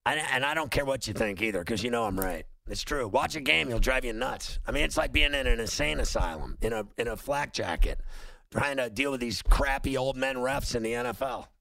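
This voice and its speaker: A man's voice: mid-range voice, brisk, vocal fry, bright, forceful tone, no echo. A man hosting a sports talk show, ranting heatedly and repeating himself. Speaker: host. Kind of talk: opinionated sports talk monologue.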